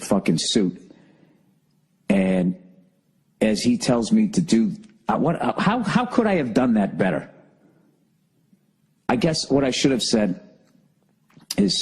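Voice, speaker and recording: Husky-voiced man ranting profanely. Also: lowish voice, lively intonation, a little slow, long pauses, a little mellow, rough recording. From United States. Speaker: podcast host. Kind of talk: solo comedic rant.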